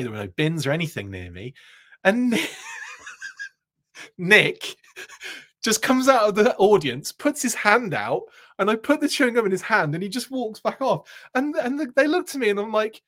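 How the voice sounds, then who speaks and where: A man hosting his own live show, spinning a long, rambling anecdote. His pitch climbs and dips all over the place as he gets caught up in the story. He laughs often and keeps restarting his sentences. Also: fairly bright tone. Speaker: host.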